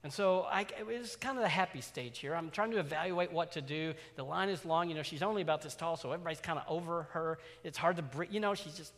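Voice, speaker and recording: A man preaching a storytelling sermon as a pastor, animated, swinging from loud exclamations to hushed asides. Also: fairly high pitch, quick pace, hardly any pauses. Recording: long hall reverb.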